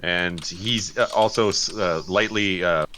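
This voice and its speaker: A man's voice: sits low, unhurried, sharp tone, a little hiss or hum. A man playing a tabletop game, joking and bantering with the table. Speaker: player.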